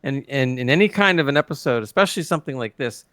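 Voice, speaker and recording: A man co-hosting a TV review chat, animated and acting out scenes in quoted voices. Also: mid-range voice, quick pace, clear, resonant tone, dry recording. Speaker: co-host reviewing a TV episode. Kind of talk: casual chat.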